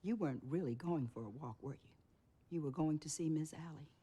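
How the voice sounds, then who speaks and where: An actress playing a middle-aged care-home nurse who speaks in a soothing, firm way. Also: female voice, sits low, fairly quick, dark tone, husky.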